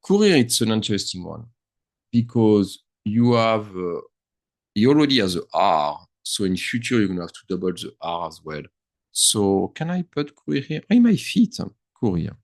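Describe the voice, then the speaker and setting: A man who teaches a grammar lesson. He talks in a chatty way at his computer, thinks out loud and slips words into his English. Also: fairly low pitch, very animated, normal speed, no room sound. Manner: chatty, thinks aloud, mixes French into English. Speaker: French teacher. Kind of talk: screen-share grammar lesson.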